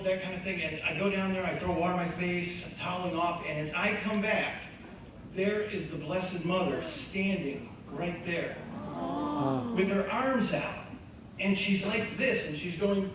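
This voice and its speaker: Guy telling a funny testimony, high bright voice, lots of laughs, mic far off in a big echoey hall. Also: normal speed, a little hiss or hum. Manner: animated, laughing, conversational, many fillers. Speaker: musician giving testimony. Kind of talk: storytelling testimony talk.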